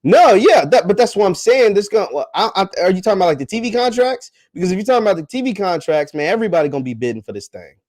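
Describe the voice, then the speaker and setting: A man hosts a casual livestream chat, reading viewer comments in a slangy, teasing way that swings between loud and quiet. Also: high voice, sing-song, fast, few pauses, no room sound.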